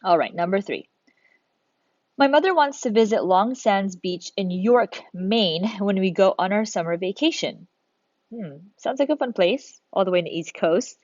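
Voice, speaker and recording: A woman's voice: medium pitch, animated, normal speed, a little mellow, no echo, dull audio. A woman teacher talking through a recorded grammar lesson, patient, step by step, thinking aloud as she works.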